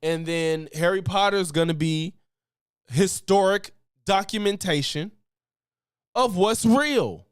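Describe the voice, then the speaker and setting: High-voiced, profane ranting man. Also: slow, long pauses, smooth, no room sound, studio quality. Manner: profane, animated ranting with laughs. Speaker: streamer reacting to news clips. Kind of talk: casual commentary stream.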